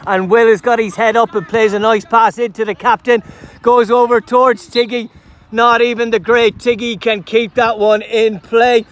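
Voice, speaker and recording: A man's voice: extremely high pitch, moderate pace. Jokey man commentating football outdoors. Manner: jokey, excitable play-by-play. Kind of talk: live match commentary. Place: outdoors at a sports field.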